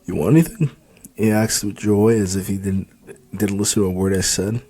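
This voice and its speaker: A man reading his own novel aloud as audiobook narration, in steady first-person storytelling. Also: fairly low pitch, normal speed.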